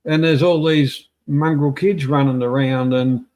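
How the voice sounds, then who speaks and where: A man's voice: mid-range voice, steady tone, unhurried, darkish tone. A man in casual podcast chat stumbles and repeats words as he builds his point. He puts things bluntly. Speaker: podcast co-host.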